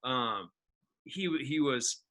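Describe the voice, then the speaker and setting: A man from Indiana, a podcast guest, telling a personal story in animated conversation, acting out other people's lines as he goes. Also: mid-range voice, very slow. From Indiana, USA.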